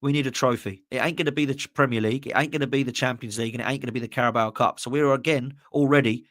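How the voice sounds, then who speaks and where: A man's voice: mid-range voice, fairly even intonation, racing, fairly bright tone, no room sound. A man, hosting a live fan podcast and ranting passionately while reading out viewer messages. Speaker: podcast host. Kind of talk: live-stream fan rant, reading super chats.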